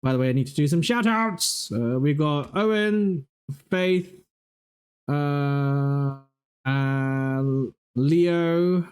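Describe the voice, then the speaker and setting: Profane, fast-ranting male streamer. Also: on the high side, smooth. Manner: profane, exasperated storytelling. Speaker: livestream host. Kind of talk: casual chat while reviewing gameplay footage.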